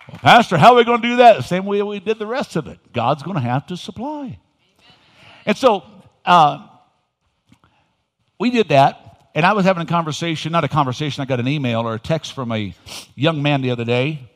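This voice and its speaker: An older man, a pastor, preaching a sermon with folksy storytelling that swings into loud emphasis. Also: a little high, lively intonation, moderate pace, long pauses. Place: church sanctuary. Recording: reverberant hall.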